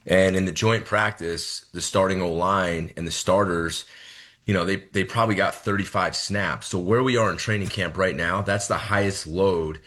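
Low husky-voiced football coach. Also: male voice, steady tone, normal speed, fairly bright tone. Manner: explanatory, repeats words while thinking. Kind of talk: radio interview answers.

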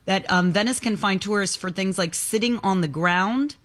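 A woman's voice: medium pitch, moderate pace, a bit bright. A woman co-hosting a talk show, telling quirky news stories in a chatty storytelling way. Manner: storytelling, reads out odd news. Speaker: show host. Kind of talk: talk-radio news banter.

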